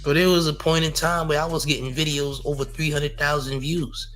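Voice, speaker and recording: A man's voice: a little high, steady tone, brisk, a bit bright, faint music behind. A young man hosting a livestream commentary show, reading chat and boasting and trash-talking in a repetitive way, with laughs between lines. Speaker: YouTube commentary host.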